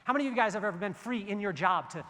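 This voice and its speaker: A man giving a motivational keynote speech, telling stories in an animated way and acting out the dialogue. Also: high voice, racing, in a large hall. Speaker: keynote speaker. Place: large event hall.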